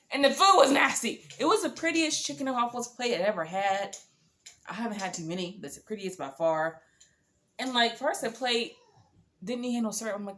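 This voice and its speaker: A woman's voice: medium pitch, fairly bright tone. A woman telling a story to camera, casual and candid, swearing freely as she quotes herself and others. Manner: candid, blunt and profane, quoting others in asides; exasperated, rambling storytelling. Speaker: storytime vlogger.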